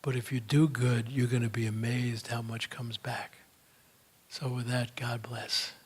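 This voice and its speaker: An older man speaks in a relaxed, folksy way, telling stories to an audience and drifting through fillers as he goes. His voice sits at an ordinary middle pitch. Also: unhurried, husky. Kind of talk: motivational talk with Q&A.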